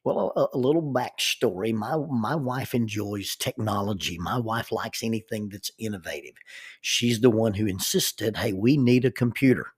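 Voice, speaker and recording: Man from the US, gravelly, husky, casual rambling storytelling, repeats words, dry close sound. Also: on the low side, moderate pace, no echo. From United States. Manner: rambling, repeats words while thinking aloud. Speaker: counselor and minister telling a story.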